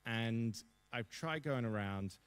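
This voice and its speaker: A man in his thirties from Perth with an Australian accent, telling lively, self-deprecating anecdotes as a guest speaker in a seminar interview. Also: mid-range voice, takes it slowly, clean tone. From Perth, Western Australia. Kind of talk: storytelling interview on a seminar stage. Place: seminar hall before an audience.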